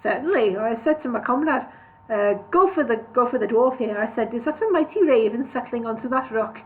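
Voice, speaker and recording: A woman's voice: fairly high pitch, lively intonation, a little fast, slight background noise, close to an everyday voice. A woman voicing a courteous, formal male dwarf in a storybook reading. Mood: polite. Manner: formal, old-fashioned courtesy. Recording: tinny phone-like sound.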